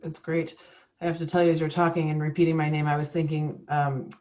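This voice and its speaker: A woman with a lowish voice moderates a webinar Q&A, friendly and relaxed. Her video call audio sounds dull and lo-fi. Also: fairly quick.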